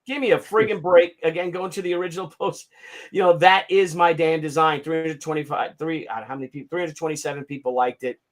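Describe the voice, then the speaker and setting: A man in his fifties hosting a casual livestream, ranting in an animated, sarcastic and profane way. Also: a little high, quick pace. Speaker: comic artist hosting a livestream.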